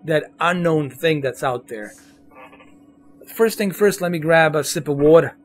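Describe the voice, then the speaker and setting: Man, New York accent, streamer, casual chatty commentary, slightly high voice, faint music behind. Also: lively intonation, measured pace. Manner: casual, chatty, addresses viewers. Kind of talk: live gameplay commentary.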